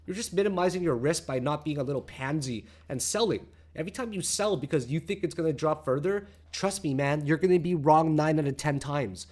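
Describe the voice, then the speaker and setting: Man, brash and profane, slightly high voice, crypto trading host, rants then explains charts. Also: brisk, hardly any pauses. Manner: brash and crude, shouting and laughing at viewers; calmer, lower explanatory tone while reading charts. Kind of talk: profane, excitable market commentary.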